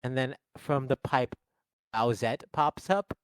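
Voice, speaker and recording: A man's voice: mid-range voice, takes it slowly, clear, resonant tone, no room sound. Jokey male podcast co-host, dry close sound. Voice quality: animated, jokey storyteller. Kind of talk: casual movie podcast chat. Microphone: lavalier microphone.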